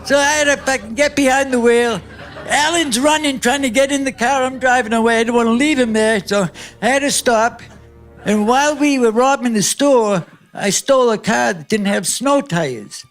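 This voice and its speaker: High-voiced older man telling a rambling story. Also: moderate pace, fairly bright tone. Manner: profane, meandering, laughs at himself. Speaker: comedian guest. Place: comedy club stage. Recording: live club with crowd and music.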